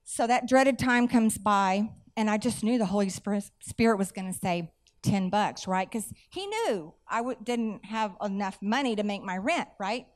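A middle-aged woman, preaching a sermon through animated personal stories with folksy asides. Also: medium pitch, moderate pace. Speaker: church speaker.

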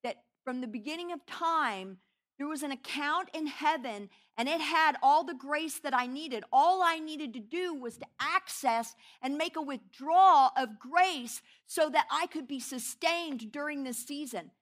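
A middle-aged woman preaching with a bright, forceful edge and a slightly high voice. She tells a heartfelt personal testimony and drives it toward impassioned, fervent preaching. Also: a little slow. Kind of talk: sermon.

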